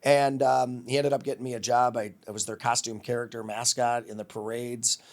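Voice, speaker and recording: A man in his fifties from Wisconsin, a longtime radio host, telling lively stories in an interview and acting out the voices of people he quotes. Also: medium pitch, brisk. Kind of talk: storytelling interview.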